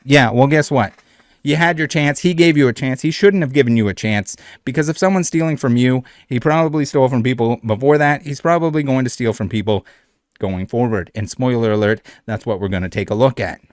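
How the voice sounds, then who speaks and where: A man's voice: mid-range voice, brisk, no echo, studio quality. A man hosting a reaction commentary who speaks in a blunt, indignant way and swears often. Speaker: channel host.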